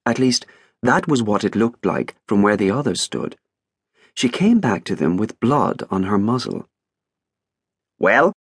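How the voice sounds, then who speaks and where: Expressive male audiobook narrator. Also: lowish voice, moderate pace, slightly rough, no room sound, clean studio sound. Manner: expressive, wry storytelling. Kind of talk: scripted narration.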